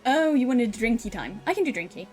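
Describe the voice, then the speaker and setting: A woman's voice: a little high, sing-song, a little fast, darkish tone, faint music behind. A British woman from the UK streaming a game, chatting casually and explaining how she does her voices.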